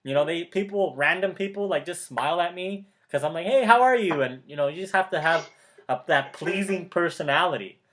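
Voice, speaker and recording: Brief: fired-up male mentor, slightly high voice, hammering points home with repetition and quick laughs. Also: a bit bright. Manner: enthusiastic and emphatic, repeats key words; laughs often mid-sentence. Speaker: motivational mentor. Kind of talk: casual coaching chat.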